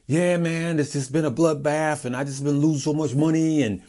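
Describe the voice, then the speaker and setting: An exasperated man griping about his trading losses, as a host quotes him, his voice pitched up a little. He drawls and runs his complaints together without pause. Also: steady tone, warm tone, close to an everyday voice.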